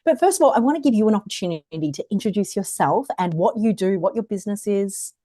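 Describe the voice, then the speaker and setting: A woman's voice: mid-range voice, lively intonation, quick pace, mellow, no room sound, clean studio sound. A woman hosting a podcast interview, eager and encouraging as she brings in her guest. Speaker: podcast host. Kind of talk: interview chat.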